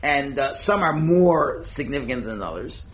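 A man teaching a religious class in a lively, conversational way, acting out little scenes and chuckling at his own points. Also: medium pitch, moderate pace. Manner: animated, acts out quotes, chuckles at own points. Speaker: Torah teacher.

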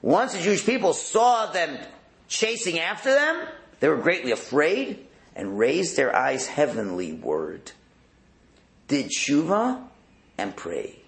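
A rabbi with a high-leaning voice and vocal fry teaches a Torah class slowly, telling stories animatedly and acting out the voices. The recording has a roomy echo.

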